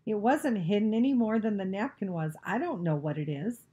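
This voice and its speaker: A woman's voice: medium pitch, animated, normal speed, mellow, dull audio, pitched above the performer's own voice, natural voice. Woman doing a bold chattering little girl. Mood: tearful. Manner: chattering, defiant, insolent. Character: frightened brave young girl bluffing. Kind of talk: storybook reading.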